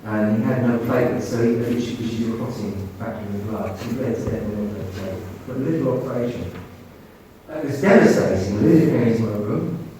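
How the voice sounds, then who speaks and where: A man telling lively anecdotes to an audience, often repeating and restarting his phrases. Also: on the low side, fairly quick, a little hiss or hum. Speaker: speaker at a talk on mediumship. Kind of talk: anecdotal storytelling talk. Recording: echoey hall from far off.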